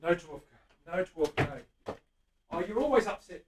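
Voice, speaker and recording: A chatty man with a high-pitched voice hosts a live stream from his guitar workshop. He greets viewers by name and hums while he works. His voice sits back from the microphone. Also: lively intonation, normal speed, far from the mic, background noise. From Australia. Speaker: luthier host. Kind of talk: casual live-stream chat while working.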